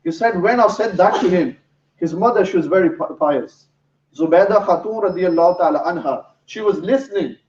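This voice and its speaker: A man's voice: high voice, fairly quick, a little mellow. A man giving a sermon, telling a story in an earnest way. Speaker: preacher. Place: mosque hall. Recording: roomy, distant, dull sound.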